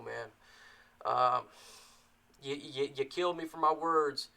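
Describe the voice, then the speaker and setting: Bright-voiced man hosting a sports stream. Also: mid-range voice, measured pace, creaky. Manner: emotional, repeats himself, ends lines with "man". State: tired after a long day. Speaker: sports channel host. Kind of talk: casual live-stream chat.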